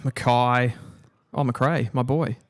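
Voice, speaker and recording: A man's voice: medium pitch, steady tone, takes it slowly. Chatty Australian man calling the game. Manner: chatty, calls the play as it happens. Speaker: host. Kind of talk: casual footy watch-along commentary.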